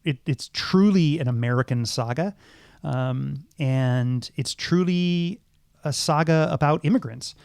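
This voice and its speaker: A man's voice: a little high, unhurried, creaky, a little mellow, clear, resonant tone, no room sound, clean studio sound. A middle-aged man and podcast co-host, talking through films thoughtfully, with many ums and restarts. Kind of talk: casual film discussion.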